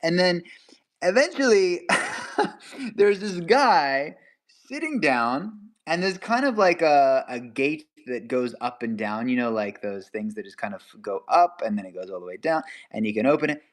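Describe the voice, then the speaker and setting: A young man telling a story in casual chat, animated, laughing as he goes and acting out quotes with sudden jumps in pitch. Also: unhurried.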